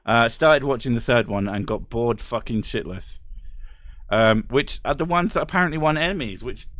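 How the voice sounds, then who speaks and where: A man streaming casually, reading chat aloud and ranting bluntly with plenty of swearing and quick laughs. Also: medium pitch, fairly bright tone, no room sound.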